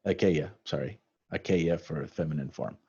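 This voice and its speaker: A man teaching a language lesson from slides, relaxed and conversational with many fillers. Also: deep voice, measured pace. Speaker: Spanish teacher. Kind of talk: recorded slide lecture. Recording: dull lo-fi recording.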